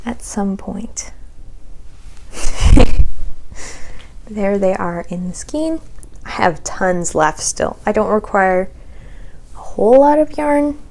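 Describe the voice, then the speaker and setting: A young adult woman hosting a podcast, chatting casually about her knitting projects and sometimes slipping into a soft whisper. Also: mid-range voice. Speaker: podcast host.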